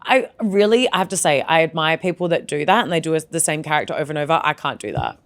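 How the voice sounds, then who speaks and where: A woman comedian from Australia with an Australian accent, chatting as a guest in a playful, animated way. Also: low-pitched, quick pace. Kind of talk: casual chat.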